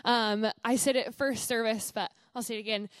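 A woman's voice: a little high, steady tone, brisk, dry recording. Young woman missionary sharing an earnest testimony. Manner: chatty, earnest, with many fillers. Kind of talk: church testimony from the pulpit.

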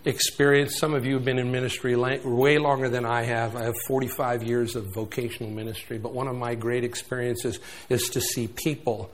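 A man in his sixties preaching a sermon, swinging between loud emphatic bursts and hushed asides. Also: medium pitch, level tone, brisk, few pauses.

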